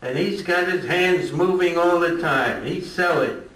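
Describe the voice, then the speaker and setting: A man's voice: a little high, unhurried, fairly bright tone. An older man giving an informal history lecture, chatty and joking with his audience. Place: lecture room at a retirement community. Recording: echoey room from a distant mic.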